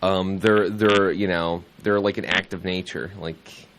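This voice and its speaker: A man's voice: low voice, fairly even intonation, unhurried, fairly bright tone. A man who hosts a radio show and reads the weather, bantering casually with hesitant, stammering restarts. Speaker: radio host and weather reader. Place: radio studio. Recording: noisy radio studio line.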